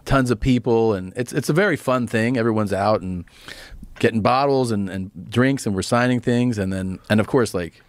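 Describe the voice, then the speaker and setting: A man with a lowish voice chats casually on a podcast. He rambles through anecdotes and acts out the quotes. The sound is close and dry. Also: moderate pace, no echo. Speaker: podcast guest.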